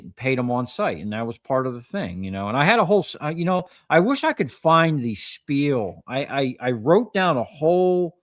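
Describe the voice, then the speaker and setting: A man's voice: mid-range voice, no echo, clean studio sound. A man who runs a scrap metal recycling business, chatting casually on a livestream and rambling through stories about his trade. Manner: rambling storyteller, acts out quoted customers.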